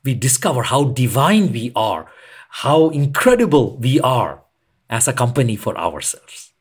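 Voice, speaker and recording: A man who leads retreats, speaking as a podcast guest in an earnest, reflective way and pausing to stress his points. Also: mid-range voice, very animated, breathy edge. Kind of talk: reflective conversational explanation.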